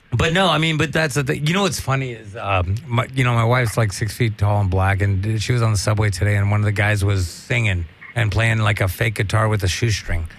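A man's voice: lowish voice, moderate pace, a bit bright, slight background noise. A comedian, a man, rambling through profane stories in a casual podcast chat. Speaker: comedian guest.

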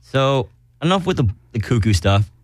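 A man's voice: medium pitch, big pitch swings, normal speed, dry recording. A man hosting a casual comedic podcast from a small studio, rambling and self-mocking. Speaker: podcast host. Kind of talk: casual comedic radio chat.

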